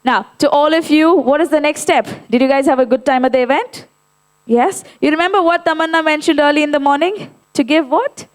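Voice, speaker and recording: A woman's voice: high-pitched, fairly quick. A woman hosting a live event, upbeat and rallying the crowd with announcements. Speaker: event host. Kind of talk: emcee announcements.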